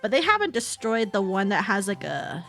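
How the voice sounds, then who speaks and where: A woman's voice: mid-range voice, sing-song, moderate pace, a bit bright, faint music behind. A young adult woman streaming, chatting casually with viewers, rambling, laughing often and swearing casually. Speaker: VTuber streamer. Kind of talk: casual chat with viewers while reading chat.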